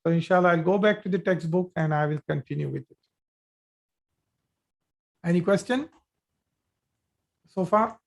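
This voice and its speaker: A man leads a live online Arabic grammar lesson, explaining each point patiently. He repeats example sentences and pauses often with fillers and restarts. He speaks into a computer mic on a video call. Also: sits high, creaky. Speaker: Arabic teacher.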